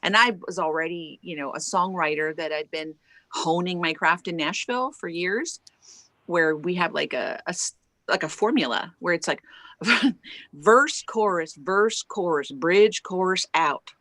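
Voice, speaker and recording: Animated woman singer telling stories. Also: lowish voice, normal speed, no echo. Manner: animated, acts out quotes with laughs. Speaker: singer and songwriter, interview guest. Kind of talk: casual storytelling in an online interview. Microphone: lapel mic.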